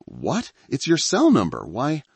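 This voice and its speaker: A man voicing a frightened seventeen-year-old girl in a narrated thriller story, his voice pushed high and strained. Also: huge pitch swings, a little slow, vocal fry, husky, no room sound, heavily acted. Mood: scared.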